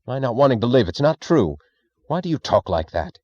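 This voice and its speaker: A fidgety, pleading male official, as a reader puts him on, deep and dark-toned, swooping pitch, dull muffled sound. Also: sing-song, normal speed, dry recording, full character voice. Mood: agitated. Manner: pleading, fidgety, falsely casual. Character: anxious, evasive male government leader.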